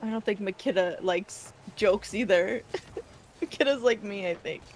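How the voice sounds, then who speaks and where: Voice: medium pitch, measured pace, slight background noise, low-quality recording. A co-host on a casual show, giggly and playfully argumentative. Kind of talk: casual live-stream chat.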